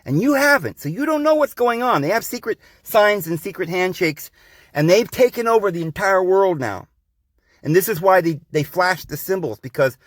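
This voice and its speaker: A man with a high-pitched voice hosts a podcast, giving a rambling, insistent, preachy monologue and addressing listeners as guys and friends. The audio is clean studio sound, free of echo.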